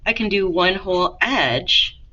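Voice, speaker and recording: Chatty woman teacher with a lively bright voice. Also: lowish voice, a little slow, highs cut off, a little hiss or hum. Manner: chatty, encouraging, talks to students directly. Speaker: art teacher. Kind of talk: casual drawing lesson for kids.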